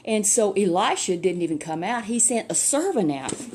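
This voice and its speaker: Older woman, grandmother storyteller, chatty Bible tale, medium pitch. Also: sing-song, normal speed, darkish tone, slight background noise. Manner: folksy, chatty, lots of asides. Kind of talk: Bible story told to a child.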